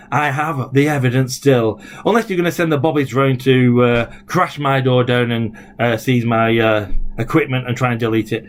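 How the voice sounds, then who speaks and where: Indignant man ranting. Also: mid-range voice. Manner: indignant, rambling with many "uh"s and restarts. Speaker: former local councillor vlogging. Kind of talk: casual video blog rant.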